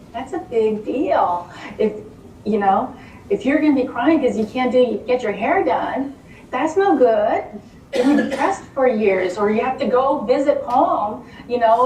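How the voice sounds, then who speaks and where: A middle-aged woman giving an animated, conversational talk to a live audience, often repeating words and asking rhetorical questions. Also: mid-range voice. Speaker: lecturer speaking to a live audience. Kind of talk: conversational presentation. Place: meeting room with an audience. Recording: roomy hall, distant mic, faint room noise.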